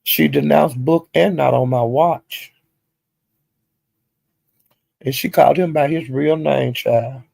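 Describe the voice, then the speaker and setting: Male channel host, gravelly husky voice, slightly high, AAVE, gossipy recap. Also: a little slow, no echo. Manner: gossipy, animated retelling with slang and profanity. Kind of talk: casual recap of online drama.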